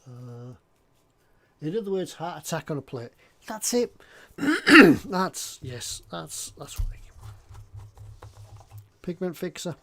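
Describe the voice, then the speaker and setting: A man with a voice pitched a little above the usual chats away while he works at his hobby bench. His talk is loose and rambling, full of small jokes and side tangents. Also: very animated, takes it slowly, pauses often, bright, forceful tone. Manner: rambling and jokey, drifts off topic. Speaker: scale model builder. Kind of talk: casual chat while working on a model. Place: hobby workbench indoors.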